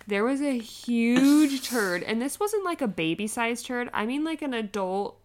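A woman's voice: a little high, a little slow. A young woman co-hosting a casual chat podcast, telling a funny story with lots of laughter and acted-out quotes. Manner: animated storyteller, acts out quotes, laughs often. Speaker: podcast co-host.

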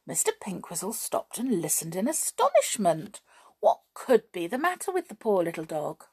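A woman reading a children's story aloud, animated and chatting to her listeners. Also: medium pitch, moderate pace, slightly rough.

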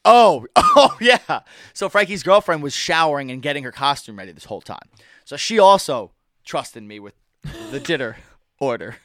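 A young man with a slightly high voice tells a party story in a loose, swearing podcast chat. He jumps into his friends' voices as he goes. The sound is dry and close. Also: moderate pace, no room sound. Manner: animated, profane storyteller who acts out friends' lines. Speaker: podcast co-host.

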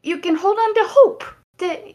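A woman voicing an earnest young woman adventurer who comforts others with halting, rambling words. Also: extremely high pitch, a little mellow, pitched above the performer's own voice. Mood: consoling.

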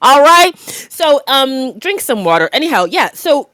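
A woman's voice: high voice, sing-song, unhurried, a bit bright, dry recording. A woman hosting a podcast in casual chat, candid and reflective, laughing easily and often restarting her sentences. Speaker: podcast host.

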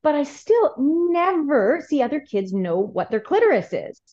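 A middle-aged woman speaking as a therapist guest on a podcast, explaining earnestly and growing animated when telling stories. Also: sits high, unhurried, lo-fi sound. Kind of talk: podcast interview.

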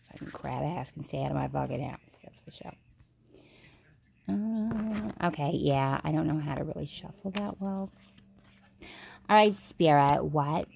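A tipsy woman hosting a comedic tarot reading stream, rambling and swearing in a jokey deadpan way. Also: low-pitched, slow, creaky, pauses often, slight background noise. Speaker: host.

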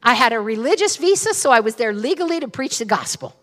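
A woman pastor tells a story in a sermon, animated and dramatic, and talks straight to the congregation. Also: a little high, fast talker. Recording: long reverb of a large hall.

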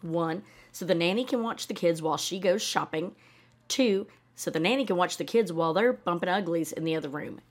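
A woman hosts a casual podcast, tearing into a TV show with sarcasm and swearing. Her voice sits a little low, and she breaks into mocking voices as she rants. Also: fairly quick. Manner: opinionated, sarcastic, swears freely; animated, often acts out mocking voices. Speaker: podcast host reacting to a TV show. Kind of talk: casual reaction commentary.

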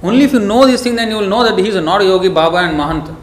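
A preacher delivers a devotional sermon in an emphatic, scolding, storytelling style, his voice sitting high and rapid-fire. The recording has an echoey room sound with faint background noise.

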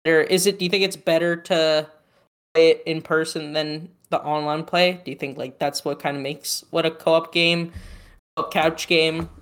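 This co-host talks casually on a podcast at a mid-range pitch. The talk wanders and leans on "like" fillers, with frequent restarts and self-corrections. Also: fairly even intonation, moderate pace, fairly bright tone, clean tone. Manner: rambling, with many "like" fillers and restarts. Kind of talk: casual chat.

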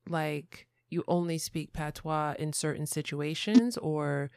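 Woman podcast host, curious, chatty questions, lower pitch, dry sound. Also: takes it slowly, gravelly, a little mellow, smooth, dry recording. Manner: curious, asks rambling questions with fillers. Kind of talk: conversational interview.

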